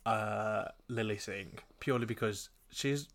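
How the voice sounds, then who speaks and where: A man's voice: fairly low pitch, a little slow, fairly bright tone. A man joking around in a casual podcast chat. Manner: playful, joking.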